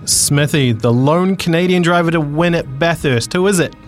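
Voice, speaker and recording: A man's voice: on the high side, soft background music. A man co-hosting a sports radio show, running a quiz in an upbeat, teasing way. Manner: upbeat and teasing, quick quizmaster delivery. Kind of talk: casual radio sports chat. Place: radio studio.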